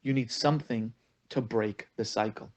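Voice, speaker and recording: Animated rabbi teaching about marriage. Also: male voice, medium pitch, normal speed. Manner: animated storytelling, acting out quoted callers; repeats words for emphasis. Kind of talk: spoken lesson.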